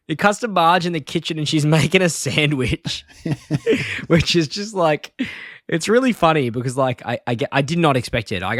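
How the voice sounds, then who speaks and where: A man's voice: medium pitch, a bit bright, no echo, studio quality. A man co-hosting a podcast, recapping a cartoon episode in a rambling, laughing casual chat. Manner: rambling, lots of fillers and laughter. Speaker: podcast co-host.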